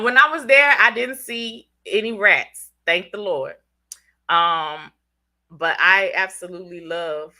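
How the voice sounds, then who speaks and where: This livestream host is a chatty woman with a medium-pitched, country-sounding voice, stuffed up from a cold. She talks in a casual, animated way, addressing her viewers directly.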